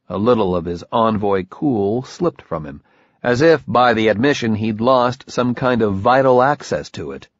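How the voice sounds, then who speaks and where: A man's voice: fairly low pitch, expressive, moderate pace, no room sound, highs cut off. A man narrating a novel in the first person, dry and matter-of-fact. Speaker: audiobook narrator.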